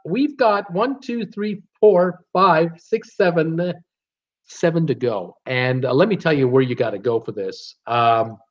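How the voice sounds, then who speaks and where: A man's voice: a little high, lo-fi sound. Chatty man hosting live-stream trivia. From Canada. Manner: reads viewer guesses aloud, chatty and joking.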